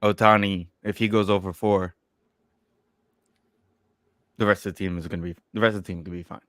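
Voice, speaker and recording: Low, dry-voiced man bantering about sports. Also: fairly even intonation, fairly quick, a bit bright, no room sound. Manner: profane, joking, loose banter. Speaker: podcast co-host. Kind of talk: casual sports chat.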